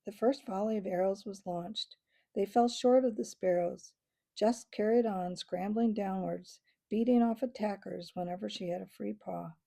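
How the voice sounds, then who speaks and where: A woman reading a children's book aloud, expressive and unhurried, with small slips here and there. Her voice is gravelly, husky and mellow. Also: mid-range voice. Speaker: storyteller.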